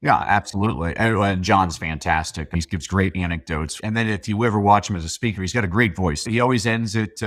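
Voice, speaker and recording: A man's voice: deep voice, a bit bright, no echo, studio quality. A man in a casual conversation, telling stories with enthusiasm and praising his host. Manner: enthusiastic storyteller, quick to praise. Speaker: podcast guest, speaker and coach.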